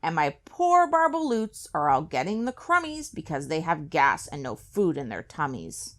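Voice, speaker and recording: A woman's voice: deep voice, huge pitch swings, normal speed, a bit bright, heavily acted. A woman voicing a small, grumpy old male forest creature from a storybook, scolding and indignant. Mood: pleading.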